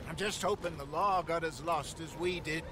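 A man's voice: on the high side, moderate pace, lightly acted. An actor playing a weary outlaw leader urging his gang through a snowstorm in a western video game. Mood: urgent. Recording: game audio with loud wind noise.

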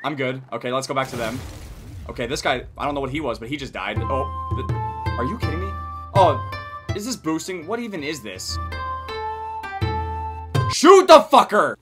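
A young man hosting a gaming channel, giving casual, profane gameplay commentary with lots of yelling and laughing. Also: mid-range voice, fairly quick, music in the background. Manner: excitable, profane, yelling and laughing during play.

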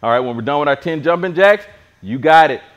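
A man's voice: a little high, animated, quick pace, highs cut off. A man leading a virtual PE class, joking and bantering with his co-coach while calling out exercises. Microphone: clip-on mic pack.

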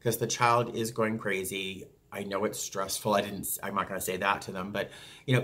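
A man who works as a flight attendant, chatting casually and acting out passengers with sudden jumps in pitch. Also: little pitch movement, moderate pace, bright, forceful tone. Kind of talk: casual talk to camera.

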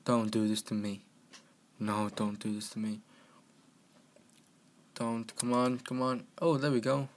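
Gamer host, male, unhurried but jumpy commentary, home desk mic with keys clacking in the background. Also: fairly low pitch, slight background noise. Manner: excitable, talks to the game and yelps at crashes. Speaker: gaming channel host. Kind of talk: casual let's-play commentary. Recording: home mic with clear keyboard clicking.

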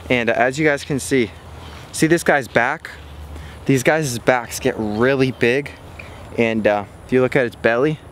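Excited young man vlogging by a pond. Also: medium pitch, slight background noise. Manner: excited, hyped, talks to fish and viewers. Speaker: fishing vlogger. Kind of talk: casual outdoor vlog talk. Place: outdoors by a pond.

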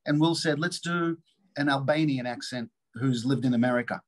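A man, an actor guest in a casual interview, telling lively stories and acting out the lines of other people. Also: a little high, brisk, low-quality recording. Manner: animated storyteller, acts out quotes.

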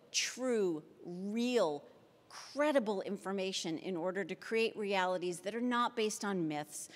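A woman at mid pitch delivers a keynote lecture from an auditorium stage, her words trailing off into a long hall reverb. She leans hard on key phrases and slows down to drive them home. Now and then she slips in a dry, sarcastic aside. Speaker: keynote speaker. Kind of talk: public health lecture.

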